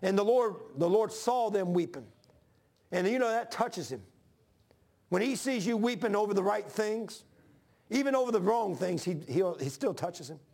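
A man's voice: high voice, gravelly, a little mellow. A man in his sixties preaching a folksy, repetitive sermon to his church. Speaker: pastor.

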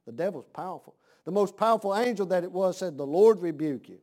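A man preaching a sermon, dropping to a hush and then rising to shouts with slow, drawn-out emphasis. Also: high voice, expressive.

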